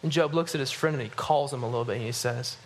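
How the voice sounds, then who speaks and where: A man preaching to his congregation, animated and rising at emphatic points, dropping low and quiet when he reads scripture. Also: quick pace, a little hiss or hum. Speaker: pastor. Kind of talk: sermon.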